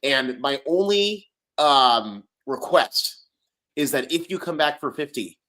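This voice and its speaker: A man co-hosting a casual podcast chat, animated and quick to restart his sentences. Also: fairly high pitch. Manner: animated, repeats words and restarts often. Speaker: podcast co-host.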